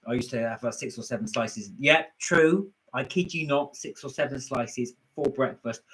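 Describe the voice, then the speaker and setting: A man's voice: medium pitch, moderate pace, a bit bright, low-quality recording. A man co-hosting a casual live chat, bantering and joking with his partner.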